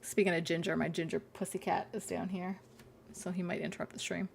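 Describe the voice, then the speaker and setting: A woman's voice: fairly low pitch, level tone, a little fast, creaky, a little hiss or hum. A young woman streaming a survival game, chatting casually, giggling and reading jokes from chat aloud.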